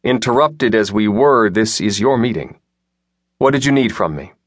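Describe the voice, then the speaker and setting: A male audiobook narrator voicing a senior admiral who speaks in a measured, apologetic but firm way, recorded dry in a studio. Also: fairly low pitch, animated, no echo.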